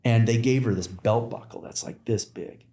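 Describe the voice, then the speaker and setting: A man's voice: mid-range voice, normal speed, mellow. A man talking as a podcast guest, telling stories in a rambling way with many fillers and restarts. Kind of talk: casual conversation. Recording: roomy echo.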